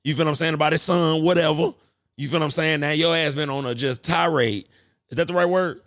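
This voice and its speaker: Man, podcast host, rapid-fire profane rant, dry close sound. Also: on the high side, dry recording. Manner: profane, animated ranting. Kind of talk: casual monologue.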